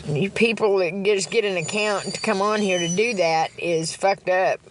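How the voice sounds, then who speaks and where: A woman's voice: mid-range voice, moderate pace, background noise. Woman on an angry, profane live rant. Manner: profane, heated and repetitive. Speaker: livestreamer.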